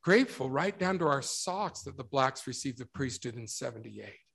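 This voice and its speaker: A middle-aged man giving a religious talk, telling a story and acting out the quotes with lively emphasis. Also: mid-range voice, normal speed, creaky, husky. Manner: storytelling, animated, acts out quotes. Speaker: speaker.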